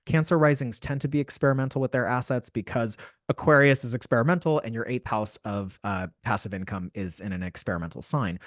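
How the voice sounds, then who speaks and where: A man's voice: fairly low pitch, no room sound, clean studio sound. A man giving a weekly horoscope reading, chatty and playful, with lots of fillers and restarts. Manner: chatty and playful, with frequent fillers and self-corrections. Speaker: astrologer. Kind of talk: weekly horoscope video talk.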